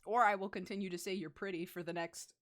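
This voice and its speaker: A woman's voice: medium pitch, fairly even intonation, quick pace. A young woman streamer chatting casually on a stream, teasing and giggly. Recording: faint music behind.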